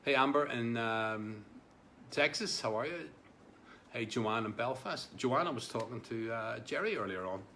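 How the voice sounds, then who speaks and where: A man's voice: mid-range voice, expressive, measured pace, pushed and bright, slight background noise. A man hosting a casual live stream, reading out viewer comments in a rambling way, with many fillers and repeated words. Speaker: livestream host.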